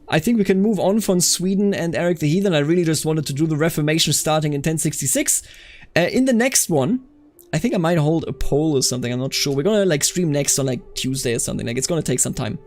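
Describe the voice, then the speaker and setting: A man streaming a strategy game, reading event text aloud and reacting loudly to what happens. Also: on the high side, lively intonation, quick pace. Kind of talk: live game stream commentary.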